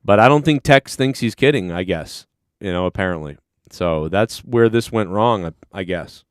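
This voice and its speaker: A man hosting a live stream recaps a clip in a rambling, profane, casual way, talking over replayed footage. His voice sits on the low side at a normal speed, and the recording is dry with clean studio sound.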